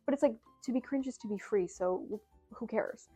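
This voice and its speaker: A woman's voice: on the high side, fairly quick, mellow, husky, soft background music. A young adult woman vlogging from home in a casual, rambling, self-deprecating way, with lots of fillers. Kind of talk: casual chat to camera.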